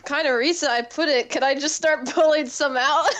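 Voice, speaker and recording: A woman's voice: high voice, normal speed, a bit bright. Playful woman playing a tabletop game. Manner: giggly, playful. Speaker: player. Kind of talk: casual chat in a tabletop game.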